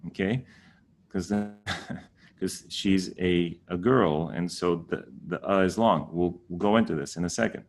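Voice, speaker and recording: Casual male teacher, slightly low voice, teasing, mock-exasperated delivery. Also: unhurried. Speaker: Sanskrit teacher. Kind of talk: casual spoken tutorial.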